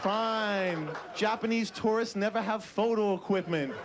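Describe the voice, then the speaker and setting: A man's voice: high voice, normal speed, very noisy. A man performing a stand-up comedy routine with sarcastic, clipped concessions. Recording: stage mic over a roaring crowd.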